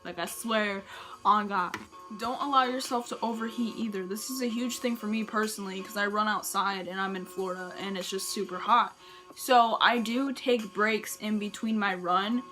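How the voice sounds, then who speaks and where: A woman's voice: medium pitch, steady tone, moderate pace, pushed and bright, soft background music. A young woman giving casual running tips in a chatty, rambling way, full of "like" and restarts. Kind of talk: casual advice vlog.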